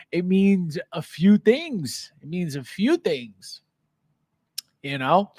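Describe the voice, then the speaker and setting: Lively, high-voiced man hosting a livestream. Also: slow, no room sound. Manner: animated, greets viewers by name, laughs often. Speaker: livestream host. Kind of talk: casual livestream chat.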